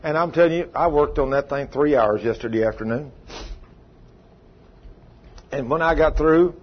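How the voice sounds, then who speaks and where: A man's voice: on the high side, normal speed, breathy edge. An older man, preaching a conversational sermon in a folksy, earnest way and often asking his listeners questions. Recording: dull lo-fi recording.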